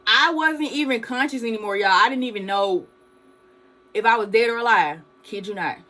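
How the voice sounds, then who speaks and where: Bright-voiced woman telling a storytime. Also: on the high side, normal speed, rough recording. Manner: animated storytelling, addresses viewers as "y'all". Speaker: vlogger. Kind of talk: storytime vlog.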